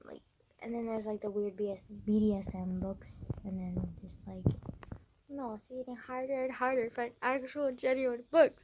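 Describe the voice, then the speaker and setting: A young woman with a slightly high voice rants casually to her viewers. She sounds exasperated and sarcastic, packs "like" into nearly every phrase and swears now and then. Sometimes she mimics other people in over-the-top put-on voices. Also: a little hiss or hum. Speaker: vlogger. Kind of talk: casual rant.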